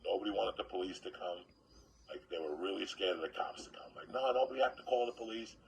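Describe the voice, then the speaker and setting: A man telling a profane comic story in a loud, animated way, acting out other people's lines. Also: low voice, quick pace, slight background noise, poor audio. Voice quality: gravelly.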